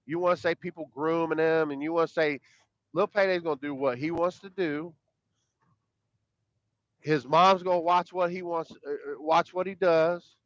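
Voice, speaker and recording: A man's voice: fairly high pitch, fairly even intonation, normal speed, no room sound. Rambling man, profane and emphatic. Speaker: podcast co-host. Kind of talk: casual podcast chat. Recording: dull, dry lo-fi sound.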